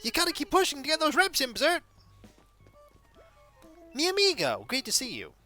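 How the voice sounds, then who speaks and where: A hyped-up male jock from a cute video game, as a woman puts him on, talks about nothing but training. He pep-talks in a high, bright voice with bouncy pitch. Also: huge pitch swings, moderate pace, soft background music, full character voice. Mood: pumped. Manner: enthusiastic, pep-talking. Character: pumped-up male jock villager, gym-obsessed.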